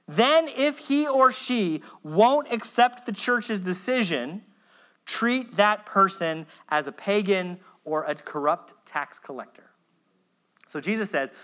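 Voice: mid-range voice, fairly bright tone. A pastor giving a sermon in a conversational, earnest way, pleading at times and often checking in with the listeners. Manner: frequent checking asides.

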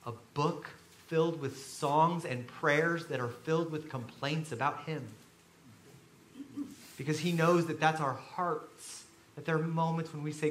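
A man preaching a sermon to a room full of listeners, swinging between quiet reflection and loud emphasis as he acts out quoted voices. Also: on the high side, measured pace, roomy sound. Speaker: pastor. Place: large room with an audience.

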